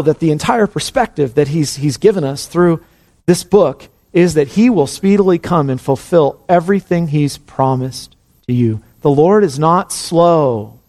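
A pastor preaching an earnest sermon, his voice climbing high on emphatic calls. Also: darkish tone.

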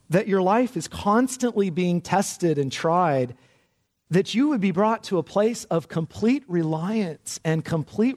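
Pastor, male, higher-pitched, impassioned sermon delivery with big swings from soft to loud.

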